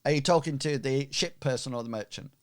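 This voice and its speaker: A man narrating a tabletop game as game master, unhurried and full of fillers. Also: medium pitch, clear, resonant tone.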